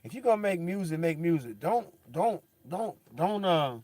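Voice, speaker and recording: A man in a casual monologue, rambling in slang with lots of "bro" and "dog", swinging between loud animated bursts and a low somber mutter. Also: normal speed, no room sound.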